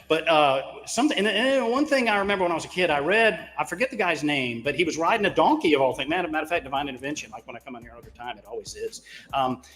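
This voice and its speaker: A man's voice: a little high, lively intonation, fast, fairly bright tone, big-room sound. A man, co-hosting a casual group chat, rambling through stories full of cursing and laughing at himself. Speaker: co-host.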